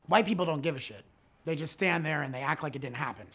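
A man doing stand-up comedy with a deadpan, self-mocking delivery. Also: on the high side, quick pace, husky. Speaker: comedic actor.

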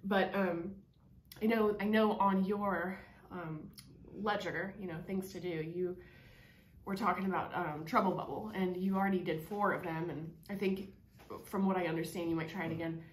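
A woman's voice: fairly low pitch, steady tone, moderate pace. A woman in her thirties chatting casually as co-host during a spicy food challenge. She rambles with many fillers and talks through a burning, drooling mouth. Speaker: channel co-host. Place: home room. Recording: echoey room, faint hiss.

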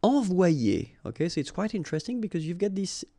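A man's voice: high-pitched, very fast, mellow, no room sound, clean studio sound. A man with a French accent, a native French speaker, teaching vocabulary and patiently drilling pronunciation, checking in with the learner after each word.

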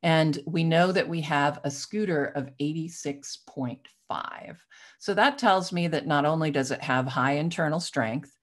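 A woman hosting a market analysis show, methodically explaining chart indicators and clearing her throat now and then. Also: deep voice, measured pace. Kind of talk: explaining stock charts to viewers.

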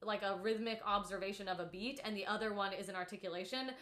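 A woman's voice: mid-range voice, fairly even intonation, fast, fairly bright tone. Upbeat piano teacher woman, roomy sound. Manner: patient, upbeat, explains step by step with many "like"s. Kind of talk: one-on-one lesson.

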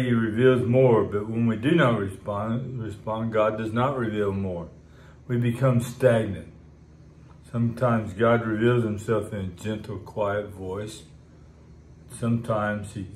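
A man's voice: fairly low pitch, a little mellow, slight background noise. Man preaching in an echoey church. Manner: plain conversational preaching with repeated phrases and restarts. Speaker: pastor. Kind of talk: sermon. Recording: echoey room with faint ambience.

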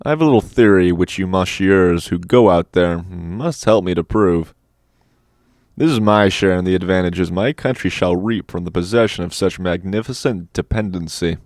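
A man's voice: deep voice, moderate pace, darkish tone, dry recording, clean studio sound, lightly acted. A man reading an eccentric little old doctor in an audiobook, quizzical and matter-of-fact. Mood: calm.

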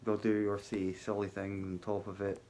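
A man talking casually to his viewers from his hotel workplace at night, halting and full of ums, with a wry sense of humour. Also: fairly low pitch, monotone, warm tone. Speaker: vlogger. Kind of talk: casual spoken vlog.

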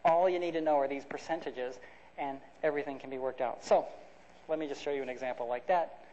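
Captured on a dull, lo-fi recording with slight background noise, a man lectures in a lecture hall. His medium-pitched voice is mellow and fairly even in intonation, he talks fast, and he walks through the material step by step with many restarts and fillers.

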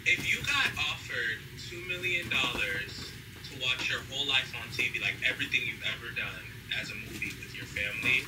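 A man's voice: mid-range voice, animated, a little fast, recorded from a distance, noisy background. A man chatting casually with a friend on a phone call, in a loose, gossipy way.

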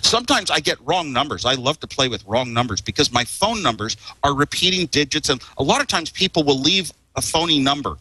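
A man's voice: fairly high pitch, sing-song, a little fast, few pauses, bright, forceful tone, slightly rough, dry recording, low-quality recording. Rambling, chuckling man telling stories. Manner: rambling, chuckling, repeats words. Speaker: guest. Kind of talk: casual storytelling.

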